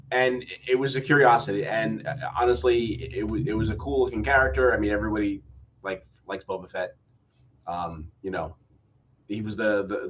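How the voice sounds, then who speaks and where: A man with a stuffy nose from allergies co-hosting a review podcast, talking in a halting way with many restarts. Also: on the low side, fairly bright tone, dull audio. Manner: halting, many repeated starts. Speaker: podcast co-host. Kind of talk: casual review chat.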